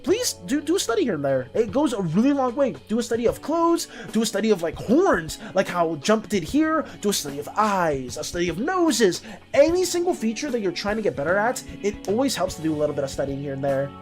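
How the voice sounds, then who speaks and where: Lively, animated woman streamer. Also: medium pitch, a little fast, faint music behind. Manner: animated, chatty, greets and thanks viewers. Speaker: artist streamer. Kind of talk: casual live-stream chat.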